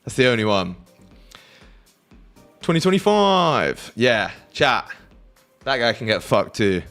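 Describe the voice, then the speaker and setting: A man's voice: on the low side, normal speed, a bit bright, soft background music. A young British man hosting a live trading stream, chatting casually with his viewers, joking, swearing and laughing freely. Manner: banters with chat, swears freely, laughs often. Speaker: livestream trading host. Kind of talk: casual livestream chat with viewers.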